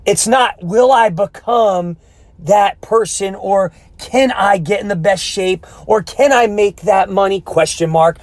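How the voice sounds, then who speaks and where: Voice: mid-range voice, unhurried, no echo. A life coach giving a motivational podcast talk, with an emphatic, repetitive rallying cadence and preacher-like direct exhortation to the listener.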